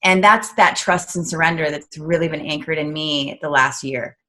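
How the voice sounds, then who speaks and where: A woman's voice: low-pitched, moderate pace. A middle-aged woman from the United States, talking earnestly in a casual interview and acting out the voices of people she quotes. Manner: earnest, animated, acts out quoted talk. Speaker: guest speaker, coach.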